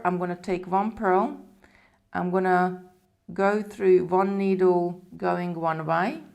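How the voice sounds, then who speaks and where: A woman presents a live beading tutorial, chatting casually and walking viewers through every step as she works. Her voice is on the low side, a little mellow, with vocal fry.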